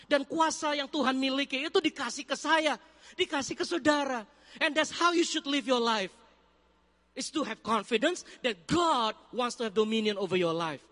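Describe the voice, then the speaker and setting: Animated Indonesian-accented man preaching in a hall. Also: extremely high pitch. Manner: animated storytelling, mixes Indonesian and English. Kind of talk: sermon testimony. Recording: reverberant hall.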